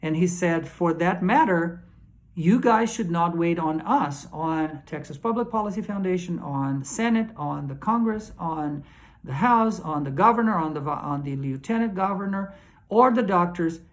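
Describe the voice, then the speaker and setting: A man's voice: high voice, expressive, normal speed. Earnest man recounting a panel. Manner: earnest, emphatic, often restarts and repeats words. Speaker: conference attendee recounting a panel. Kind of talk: casual spoken recap.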